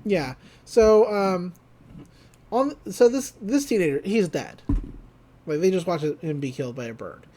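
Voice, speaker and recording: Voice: mid-range voice, expressive, a little slow, pauses often, mellow, a little hiss or hum. Laughing podcast host recapping a cartoon. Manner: rambling, laughing, acts out the lines. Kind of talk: casual episode recap.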